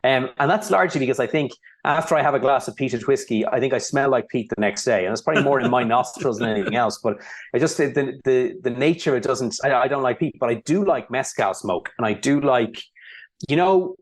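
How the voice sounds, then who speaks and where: A man, a founder who is a guest on a podcast, telling stories in a relaxed way and often restarting his sentences. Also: medium pitch, a little fast. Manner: relaxed storytelling, many restarts. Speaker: whiskey brand founder, guest. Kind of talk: casual interview chat.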